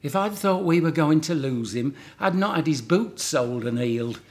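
A man's voice: fairly high pitch, expressive, moderate pace, darkish tone. A man voicing a fretful northern working-class mother in a put-on northern English accent, with broad, rising exclamations. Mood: glum.

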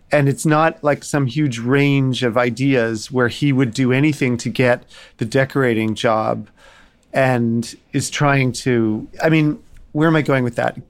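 Middle-pitched man, designer panelist, candid and dry-humored. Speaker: interior designer. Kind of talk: panel discussion.

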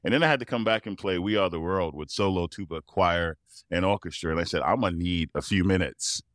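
A man's voice: low voice, a little fast, dry recording, studio quality. A middle-aged man, a professional tuba player, telling personal stories in a casual interview, acting out quoted voices and laughing often. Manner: animated storyteller who acts out quoted voices and laughs often.

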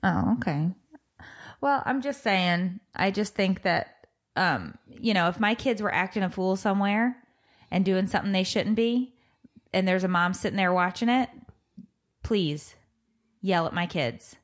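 A woman in her thirties co-hosting a casual chat show, telling a story about her kids with lively energy and raising her voice when she acts out what she said. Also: mid-range voice, a little slow. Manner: animated, loud when quoting herself. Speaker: podcast co-host, mother.

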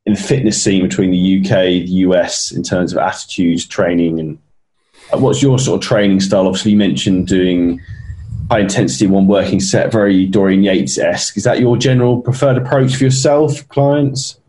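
A man's voice: low-pitched, fairly quick, warm tone. A man from the UK hosting a casual podcast interview, asking questions with jokey asides. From United Kingdom. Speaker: podcast host.

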